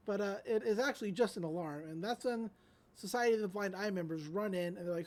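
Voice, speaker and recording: A woman hosting a podcast, retelling a cartoon episode in casual chat with animated storytelling and quick character voices. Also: medium pitch. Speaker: podcast host.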